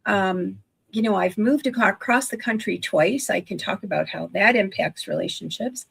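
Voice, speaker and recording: Older woman with a gravelly, husky voice. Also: medium pitch, normal speed, fairly bright tone. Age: 60s. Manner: chatty, self-correcting, enthusiastic. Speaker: guest, online business owner. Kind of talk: casual livestream chat.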